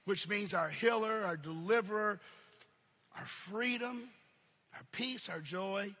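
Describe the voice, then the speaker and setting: A male pastor with a high, piercing, bright voice delivers a sermon in repeating cadences. He swells to shouts and falls back to near-murmurs. His voice rings out with a long hall reverb. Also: takes it slowly. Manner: preaching in repeated cadences, swelling to shouts then dropping low.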